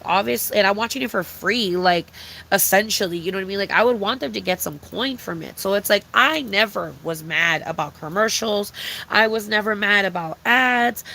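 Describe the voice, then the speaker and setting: A woman's voice: medium pitch, vocal fry, bright, forceful tone. A young woman streamer in casual chat, rambling and swearing with many fillers.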